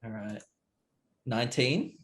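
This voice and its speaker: Man tabletop player, slow-paced, amused, hesitant. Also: medium pitch, expressive. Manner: unhurried, amused, hesitant fillers. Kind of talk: playing a tabletop game.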